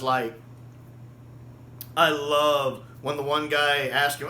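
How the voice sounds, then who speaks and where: A man casually reviewing a show, enthusiastic and quick to laugh. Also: a little high, little pitch movement, bright, forceful tone. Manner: enthusiastic, laughs often, acts out quotes. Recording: echoey room with faint hiss.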